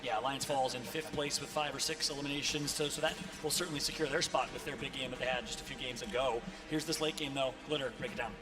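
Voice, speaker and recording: A man calling an esports tournament as play-by-play caster, energetic and building to shouts at big moments. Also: medium pitch, fast, hardly any pauses.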